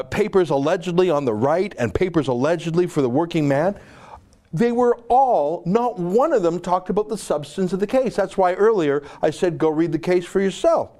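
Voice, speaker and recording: A man hosting his own show, delivering a combative, emphatic monologue full of quick asides. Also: sits high, a little mellow. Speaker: show host. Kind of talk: opinionated monologue to camera.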